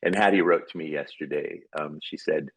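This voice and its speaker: Very deep, husky-voiced man telling a story. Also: moderate pace, no echo, poor audio. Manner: earnest, rambling with frequent "like" fillers. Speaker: podcast guest. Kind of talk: personal storytelling in conversation.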